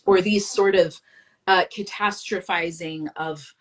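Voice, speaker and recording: Husky-voiced woman, reflective co-host. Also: on the low side, lively intonation, moderate pace. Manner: reflective, talks her thoughts through with hedges. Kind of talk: casual discussion on a live stream.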